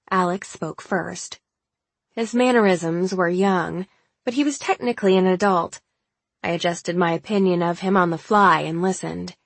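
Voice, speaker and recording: A woman narrating a first-person novel aloud, in a measured, wry reading voice. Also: mid-range voice, dry recording. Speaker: audiobook narrator.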